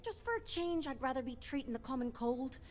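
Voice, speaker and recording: Weary frontier medic,, fairly high voice, exasperated and blunt. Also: female voice, big pitch swings, fairly quick. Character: weary, grumbling female frontier doctor. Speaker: doctor. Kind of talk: video game dialogue.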